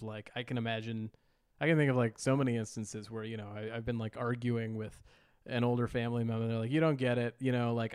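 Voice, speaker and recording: A man with a smooth, clear voice talks through a film in casual conversation. He hedges and thinks aloud, with plenty of "you know" and "like." His tone stays easygoing. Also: mid-range voice, dry recording, clean studio sound. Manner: thoughtful, hedging, many fillers. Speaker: podcast co-host. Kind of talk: casual chat.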